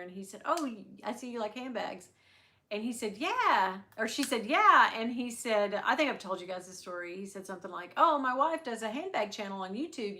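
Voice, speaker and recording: A woman, hosting her handbag channel's livestream and chatting casually, telling stories with quick asides to her viewers. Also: mid-range voice, sharp tone.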